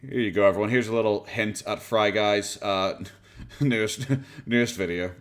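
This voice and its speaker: A man's voice: fairly low pitch, fairly even intonation, moderate pace. A man with an Irish accent, streaming and mocking a clip in sarcastic casual commentary, often laughing.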